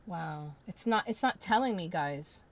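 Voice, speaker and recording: A woman's voice: lowish voice, expressive, unhurried. A woman game streamer in casual live-stream chat, ranting in exasperation, swearing and repeating herself.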